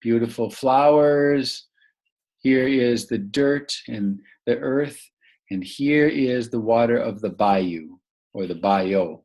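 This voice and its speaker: A man's voice: mid-range voice, a little mellow. Encouraging man reading a picture book. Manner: slow, encouraging, full of questions. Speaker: teacher.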